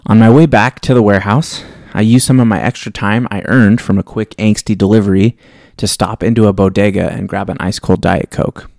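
A low-pitched man with a gravelly, creaky edge hosts a podcast and reads a story from his own life. He tells it in a reflective, wry way, and the sound is dry and close with no room behind him. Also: fairly even intonation, a little fast, darkish tone, no echo. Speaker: podcast host. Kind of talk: reading a personal story aloud, then casual sign-off.

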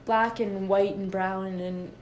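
A woman's voice: medium pitch, steady tone, slow pace, a little mellow, a little hiss or hum. A woman co-hosting a podcast in casual chat, often laughing at herself and correcting her slips. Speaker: podcast co-host.

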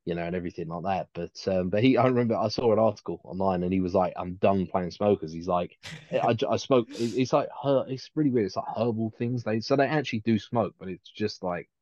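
A man with a fairly low voice talks his way around a point, full of restarts and fillers. The recording is dry and a little dull. The chat stays casual and unscripted. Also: quick pace, darkish tone, dry recording. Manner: rambling, many restarts and fillers. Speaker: podcast co-host.

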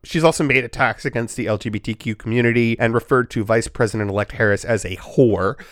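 A man's voice: medium pitch, fast, no echo, studio quality. A man co-hosting a comedy podcast, teasing his partner and laughing often. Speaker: podcast co-host. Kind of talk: casual comedic podcast banter.

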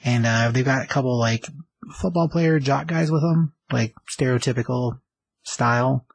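A man's voice: mid-range voice, normal speed, gravelly, slightly rough, no room sound, poor audio. A man casually retelling a TV episode, rambling with lots of fillers. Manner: rambling, filler-heavy, conversational. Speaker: show recapper.

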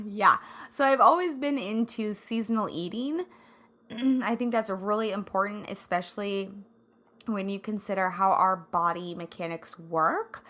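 A woman from the American Midwest hosting her podcast in a casual, bubbly chat, her throat a little scratchy and hoarse as she laughs often. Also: medium pitch, a little slow, fairly bright tone. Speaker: podcast host.

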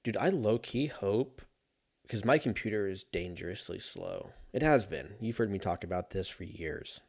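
A man's voice: fairly low pitch, animated, normal speed. A man hosting a casual solo podcast, rambling and swearing freely and making fun of himself as he goes. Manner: profane, rambling, self-mocking. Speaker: podcast host.

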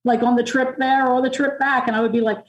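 A middle-aged woman from Long Island, New York, a music producer and author, appears as a podcast guest telling candid personal stories in a rambling way, full of fillers and restarts. Her voice sits high with a steady tone, and she talks fast. The recording is roomy and distant from the mic.

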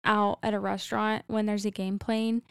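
A woman's voice: mid-range voice, little pitch movement, moderate pace, vocal fry, fairly bright tone, clear, resonant tone, no room sound, studio quality. A woman co-hosting a podcast, chatting playfully and casually from a small cabin. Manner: playful, likes putting on a voice for a joke. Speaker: podcast co-host. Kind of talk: casual chat.

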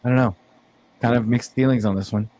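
A man's voice: mid-range voice, steady tone, quick pace, warm tone. A man co-hosting a casual podcast, reading an article aloud and giving blunt opinions on it. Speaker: podcast co-host.

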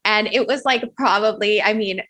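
A woman in her thirties from Miami, a business coach being interviewed, chatty and quick to laugh. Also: mid-range voice, bright, forceful tone. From Miami, United States. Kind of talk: casual interview.

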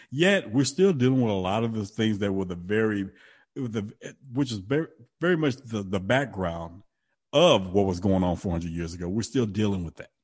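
A man with a low-pitched voice holds forth in relaxed podcast chat. He drifts through tangents, often breaks into laughter and restarts his sentences mid-thought.

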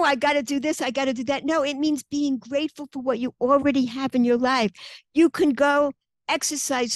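A woman's voice: sits high, dry recording. A woman talking as a guest author in an interview, earnest and acting out inner voices as she explains. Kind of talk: conversational interview.

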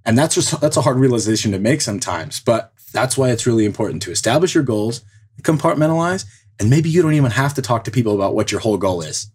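A man's voice: mid-range voice, animated, quick pace, darkish tone, slightly rough. A man co-hosting a podcast, giving earnest, motivational advice and building his points step by step. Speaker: podcast co-host.

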